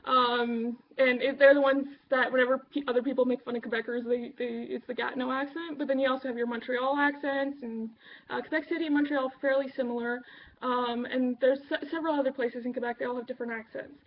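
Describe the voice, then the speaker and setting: A woman's voice: sits high, steady tone, fast talker, dull audio, a little hiss or hum. A Canadian woman with a Canadian accent chatting casually to camera, rambling with lots of ums and uhs. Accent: Canadian English. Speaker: vlogger.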